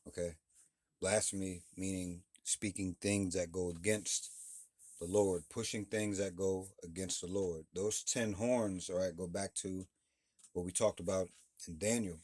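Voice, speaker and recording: A man's voice: low-pitched, fairly even intonation, unhurried, a little mellow, no echo. A man leading a Bible study, reading scripture aloud and explaining it loosely, with frequent restarts and check-ins like "all right?" and "okay?". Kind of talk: Bible class teaching.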